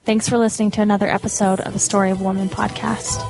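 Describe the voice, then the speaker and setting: A woman's voice: mid-range voice, flat delivery, fast talker, vocal fry, over music. A woman hosting a podcast, reading a scripted narration in a reflective, wondering way. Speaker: podcast host.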